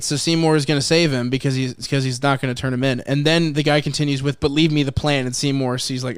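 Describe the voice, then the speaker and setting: A man hosting a film podcast in casual chat, animated, swearing freely and acting out scenes from the movie. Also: mid-range voice, fast, few pauses, clear, resonant tone, no echo, clean studio sound.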